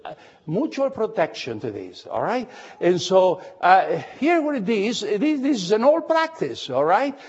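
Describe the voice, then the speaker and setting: Lively high-voiced preacher. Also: male voice, breathy edge, muffled recording. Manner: lively, emphatic, questions the congregation, frequent fillers and restarts. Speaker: pastor. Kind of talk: Bible study sermon. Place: church, recorded for radio.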